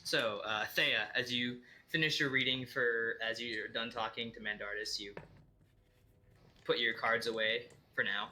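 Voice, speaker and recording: A man's voice: mid-range voice, steady tone, a little slow, pushed and bright. A man running a tabletop game as dungeon master, narrating casually with many fillers.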